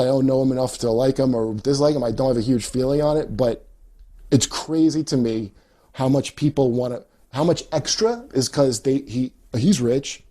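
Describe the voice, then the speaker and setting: A man's voice: medium pitch, dark tone. A man talking casually on a podcast, rambling and swearing as he laughs at his own jokes. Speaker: comedian guest.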